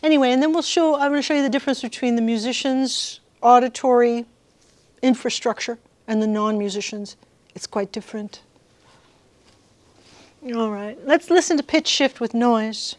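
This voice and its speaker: A woman giving a workshop lecture to music students, lively and engaging the audience with questions. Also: on the high side, normal speed, dry recording. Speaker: guest lecturer.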